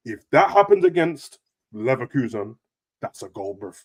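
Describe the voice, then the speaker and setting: A young man, hosting a casual football chat with animated, slangy banter. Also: breathy edge. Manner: animated, slangy, rapid banter with big pitch jumps. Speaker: football podcast host.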